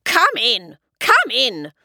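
A woman's voice: a little high, huge pitch swings, slow pace, creaky, bright, forceful tone, no echo, studio quality, pitched above the performer's own voice, heavily acted. A woman voicing an impatient, commanding female witch leader in a storybook reading, snapping her orders. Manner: snapping, bossy.

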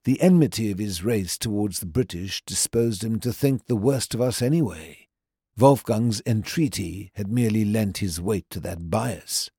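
Husky male audiobook narrator. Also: on the low side, no room sound, studio quality. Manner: measured, even storytelling delivery. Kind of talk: scripted first-person narration.

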